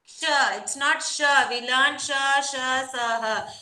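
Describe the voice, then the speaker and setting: A woman teaching young children an online lesson, sounding words out slowly syllable by syllable and praising them. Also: high-pitched, pushed and bright, roomy sound. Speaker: kindergarten teacher. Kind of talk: online class teaching Hindi letters.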